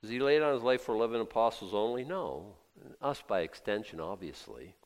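A man's voice: fairly low pitch, expressive, fairly quick. A man preaching a sermon in a conversational way, quizzing his listeners and repeating himself. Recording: long hall reverb.

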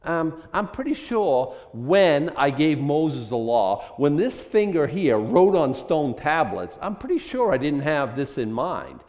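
God, casual and fatherly, as a preacher voices him, slightly high man's voice. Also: sing-song, unhurried, few pauses, a little mellow, long reverb tail. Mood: puzzled. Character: God, calm fatherly male deity.

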